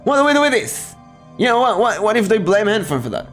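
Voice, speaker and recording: A man's voice: sits high, very animated, fast, a bit bright, faint music behind, pitched above the performer's own voice. A man voicing a cowardly, boastful young male adventurer who whines and panics. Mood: panicky. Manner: whiny, panicky, self-referring in third person.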